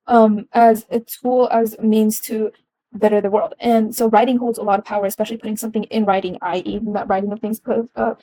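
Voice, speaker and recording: A woman's voice: a little high, mellow, dry recording, rough recording. A young adult woman giving a casual explanatory talk, earnest, with frequent ums and restarts.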